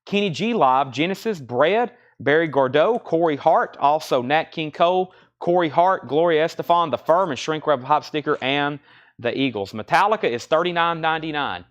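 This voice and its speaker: A man's voice: on the high side, lively intonation, highs cut off. A man hosting a live record sale, rattling off titles and prices with chatty asides. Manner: rapid-fire listing of items and prices, chatty asides. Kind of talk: live-stream auction calling.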